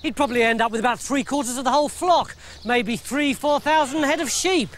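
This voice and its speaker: A man's voice: very high voice, a little fast, noisy background, voice pushed up. A hardworking, put-upon father speaks plainly and sounds exasperated, voiced by a male storyteller. He pleads to be let go home in a told story. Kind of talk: storybook character voice.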